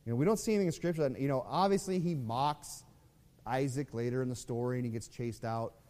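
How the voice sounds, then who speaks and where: A man's voice: medium pitch, fast talker, darkish tone, big-room sound. A man teaching a Bible study in a loose, conversational way, repeating words and reading scripture aloud.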